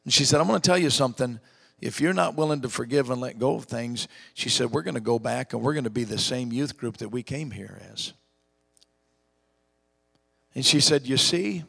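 A middle-aged man preaching a storytelling sermon in a folksy, emphatic way, dropping to a hush for heavy moments. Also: medium pitch, moderate pace, creaky, slightly rough, in a large hall. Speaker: evangelist preacher.

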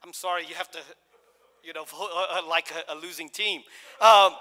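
A man's voice: on the high side, steady tone, moderate pace, bright, forceful tone. A middle-aged male pastor preaching a sermon in a conversational, joking way, full of restarts and acted-out quotes. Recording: long hall reverb.

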